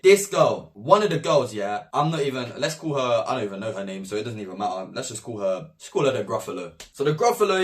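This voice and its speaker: A young man with a London accent telling a story in an animated, slang-heavy way. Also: on the high side, a little fast, hardly any pauses, recorded from a distance. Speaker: vlogger. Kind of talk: storytime monologue.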